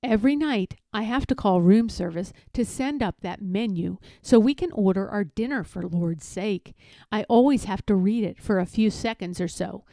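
A woman reading a children's picture book aloud in a playful, expressive, emphatic way. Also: mid-range voice, normal speed, dry recording. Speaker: read-aloud narrator.

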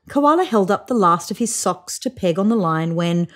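A woman reading a children's picture book aloud in an expressive storytelling manner. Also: medium pitch, moderate pace, hardly any pauses. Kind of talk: read-aloud storybook narration.

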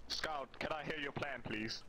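A man's voice: on the high side, moderate pace. A man playing an online game, chatting casually and hesitantly with many fillers. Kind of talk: casual voice chat. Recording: voice chat with loud background noise.

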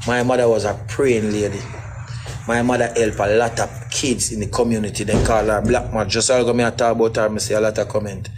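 A man's voice: lowish voice, flat delivery, fairly quick, background noise. A middle-aged man, guest in a casual interview, talking in rambling, emphatic patois.

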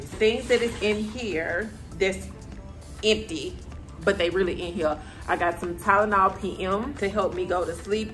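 Chatty young woman with a lowish voice. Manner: candid, chatty, slangy. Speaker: vlogger. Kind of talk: casual chat to camera. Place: bedroom floor at home.

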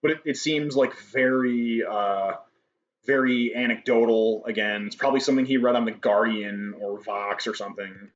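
A man's voice: medium pitch, moderate pace, slight background noise. A man hosting a response video, talking in a sarcastic, dismissive way and swearing now and then. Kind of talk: casual commentary on a clip. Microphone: cheap microphone. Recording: lo-fi microphone.

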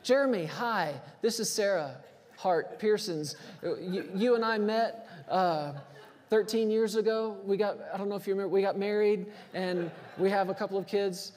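A man's voice: high-pitched, moderate pace, darkish tone, close to an everyday voice. A man doing a mock-formal wife reintroducing herself. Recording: long church reverb.

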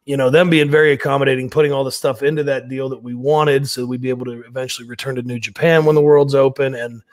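A man's voice: medium pitch, steady tone, fast talker, no room sound, studio quality. A man speaking as an interview guest, profane and laughing, with a confident, businesslike bravado. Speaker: guest wrestler. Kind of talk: casual interview chat.

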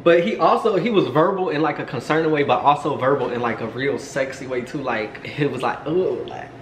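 A young man tells a rambling story to camera in a medium-pitched, brisk voice, packing it with fillers and asides. He's a storytime vlogger, recorded in an echoey room with a faint hum in the background.

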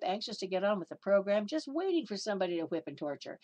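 A woman's voice: mid-range voice, animated, fast, few pauses, a little mellow. A woman preaching a sermon, emphatic, asking her listeners questions and acting out the people in her stories.

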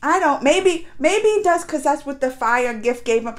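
Woman reaction host, colloquial and emotional, bright high swinging voice. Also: normal speed. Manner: emotional, animated, talks back to the screen; chatty and colloquial. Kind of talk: casual reaction commentary.

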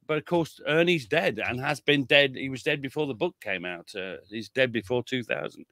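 A man with a bright, forceful voice speaks as a guest historian in a relaxed interview. He talks loosely, restarting his sentences and chuckling at his own blunt asides, and the sound is dry and close. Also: medium pitch, normal speed, no room sound. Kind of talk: casual conversational interview.

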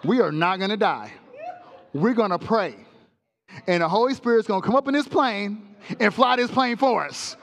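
A man's voice: high voice, lively intonation, moderate pace, a bit bright. A man voicing his firm, faith-filled wife, scolding and reassuring.

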